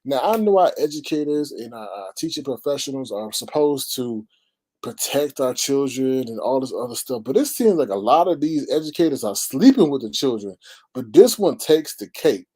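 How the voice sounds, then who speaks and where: A man's voice: mid-range voice, lively intonation, moderate pace, dark tone. A man hosting a casual livestream, exclaiming, sighing and greeting his chat viewers. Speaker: livestream host.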